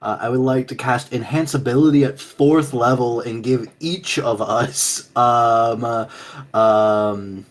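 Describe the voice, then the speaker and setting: Male player, hesitant, fills pauses, casual. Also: medium pitch, steady tone. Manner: halting, hesitant. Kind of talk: casual tabletop play.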